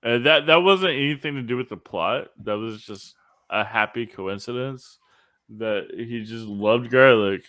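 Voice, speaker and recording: A man runs a casual podcast chat in an everyday middle-range voice. He laughs easily and retells scenes in an animated, playful way. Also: mid-range voice, a little slow, no room sound, studio quality. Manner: laughs often, animated storytelling. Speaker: podcast host.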